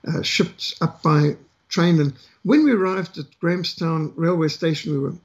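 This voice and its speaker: A middle-aged South African man telling a story from his past, unhurried and pausing often with "uh". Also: on the high side, breathy edge, highs cut off. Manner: unhurried with frequent "uh" pauses. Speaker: ministry speaker. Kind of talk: storytelling testimony.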